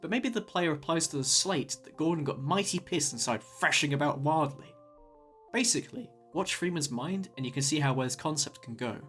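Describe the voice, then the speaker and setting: A man's voice: a little high, lively intonation, a little fast, a bit bright, faint music behind. Wry man narrating a video essay. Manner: wry, jokey asides.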